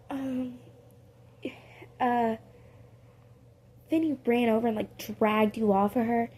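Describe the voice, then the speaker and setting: A woman telling an improvised story in a casual, rambling way. She fills it with fillers, corrects herself mid-sentence and drops into soft whispered asides. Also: a little high, fairly even intonation, slow pace, long pauses, a little hiss or hum.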